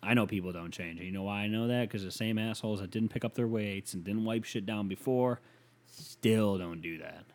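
A man hosting a solo podcast, rambling and swearing as he answers listener email, swinging from loud rants to muttered asides. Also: fairly low pitch, brisk. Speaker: podcast host.

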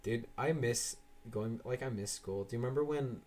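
A man's voice: normal speed, a little mellow. Rambling young man telling stories. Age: young adult. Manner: rambling, swearing, acts out quoted voices with big jumps up in pitch. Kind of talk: casual storytelling chat.

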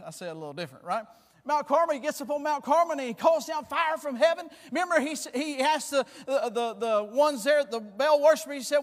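A man preaching a fervent sermon, repeating words and swinging between loud declarations and hushed asides. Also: very high voice, lively intonation, fairly quick, big-room sound.

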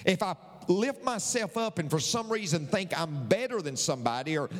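A man's voice: sits high, animated, normal speed, long reverb tail. A man preaching a sermon in a folksy, conversational way, repeating his key lines for emphasis.

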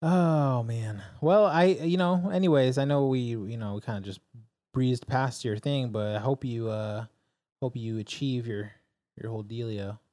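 A man's voice: medium pitch, a little slow, dark tone, no room sound. A young man co-hosting a podcast in casual chat, easygoing and agreeable, often backing his partner up. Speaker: podcast co-host.

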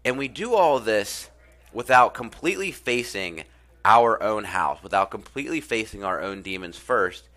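A man talks about self-improvement in a casual, earnest way. His low-pitched voice is bright and forceful. He often repeats phrases and drops in fillers as he retells a story. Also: expressive, moderate pace. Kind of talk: casual spoken talk and storytelling.

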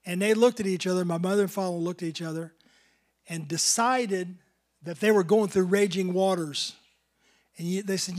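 High-pitched middle-aged guy preaching, swings from loud emphatic to soft asides. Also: normal speed. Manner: preaching with rising emphatic bursts, then dropping to a soft aside. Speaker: pastor. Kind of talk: sermon.

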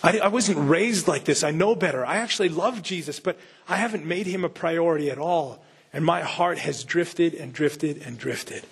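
A man's voice: on the high side, moderate pace, creaky, slightly rough. A man pastor giving a conversational sermon, full of rhetorical questions and casual asides.

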